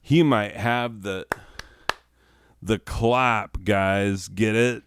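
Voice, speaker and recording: A boastful, petty teenage boy witch, as a man puts him on rambles along slowly, dropping filler words as he brags about his curses. The voice sits a little low and sounds smooth and clean. It is a comedic character monologue. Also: fairly even intonation. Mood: smug.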